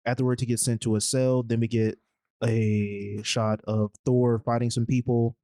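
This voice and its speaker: A man's voice: medium pitch, level tone, normal speed, dark tone, dry recording. A man co-hosting a podcast, casually retelling a movie plot in a rambling, slangy way. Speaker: podcast co-host. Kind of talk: casual movie recap chat.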